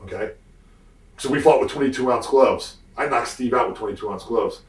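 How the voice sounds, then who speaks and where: Middle-aged man telling a lively story. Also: mid-range voice, fairly quick. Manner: animated storyteller acting out quoted voices with fillers. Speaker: interview guest, former wrestler. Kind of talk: casual storytelling interview. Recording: roomy, distant mic.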